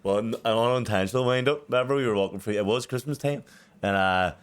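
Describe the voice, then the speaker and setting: A man's voice: medium pitch, quick pace. A man in his thirties, a podcast co-host in casual chat, blunt and swearing.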